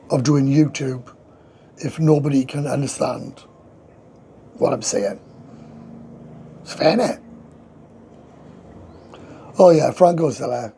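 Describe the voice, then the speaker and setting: Gravelly tired Welsh man chatting. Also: a little high, warm tone, slight background noise. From Wales. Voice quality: gravelly, husky voice. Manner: fast, slangy and swearing, reading chat comments aloud. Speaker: livestream host. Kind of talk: casual livestream chat. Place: indoors, sitting with a coffee.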